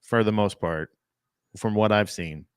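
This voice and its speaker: A man's voice: on the low side, unhurried, clean tone, dry recording, clean studio sound. A man co-hosting a podcast, rambling in casual banter with frequent restarts and laughter. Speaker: podcast co-host.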